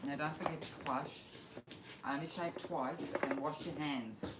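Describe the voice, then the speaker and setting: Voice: medium pitch, measured pace. A co-host in easygoing, laughing banter during a casual live-stream chat. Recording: echoey room with steady noise.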